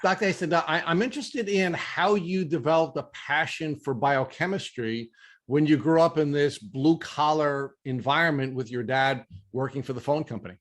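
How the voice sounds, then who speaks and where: A male interviewer with a somewhat high voice. He asks his guest long, meandering questions in a relaxed, conversational way. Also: moderate pace. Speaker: interview host.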